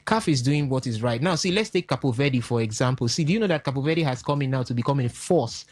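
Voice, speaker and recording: A man's voice: mid-range voice, animated, fast, slightly rough, dry recording, studio quality. A man co-hosting a radio sports talk show, opinionated and full of ums as he argues his points. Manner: opinionated, hesitant with many ums.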